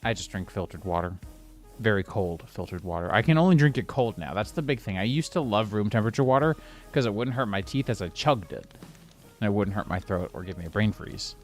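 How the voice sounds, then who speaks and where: A man's voice: on the low side, expressive, fairly quick, soft background music. A man streaming a building game, rambling casually and now and then snapping in exasperation at the game. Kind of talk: casual gameplay commentary.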